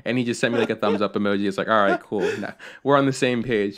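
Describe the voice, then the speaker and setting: A young man co-hosting a podcast, telling a story in a casual, animated way, swearing and acting out what people said. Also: on the low side, fast talker. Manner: animated, swears a lot, acts out quotes. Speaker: podcast co-host.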